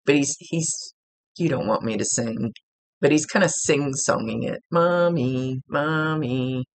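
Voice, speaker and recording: Gravelly, husky man giving a reading. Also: medium pitch, moderate pace. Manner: relaxed, rambling, relaying messages aloud. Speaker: psychic medium. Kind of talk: casual spirit reading.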